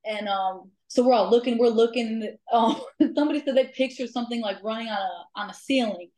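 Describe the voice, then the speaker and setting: A woman guest telling ghost-hunting stories in casual chat, lively, laughing often and filling pauses with "um". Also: on the high side. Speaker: guest, amateur ghost hunter. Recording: echoey room.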